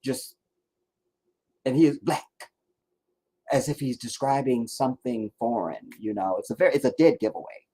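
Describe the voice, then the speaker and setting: A man's voice: mid-range voice, fairly quick, hardly any pauses, mellow, breathy edge. A man hosting a casual livestream, ranting and rambling with heavy profanity. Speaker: livestream host.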